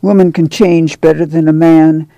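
A woman voicing a weathered, calm and wise farm mother with a soothing drawl. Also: deep voice, moderate pace, no echo, dull audio.

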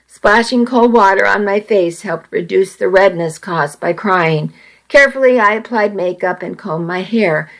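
A woman reading a first-person story aloud, measured and earnest. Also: medium pitch, creaky, a bit bright, rough recording. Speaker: narrator.

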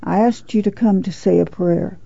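Audiobook figure: woman reading a frail dying woman, low, soft, dark-toned. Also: steady tone, normal speed, vocal fry, husky, no room sound, lo-fi sound. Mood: tender.

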